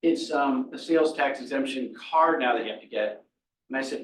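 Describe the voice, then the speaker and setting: Fast-talking man presenting in a roomy hall. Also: medium pitch, vocal fry. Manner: rapid-fire, talks like an auctioneer. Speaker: workshop presenter. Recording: roomy, distant audio with faint noise.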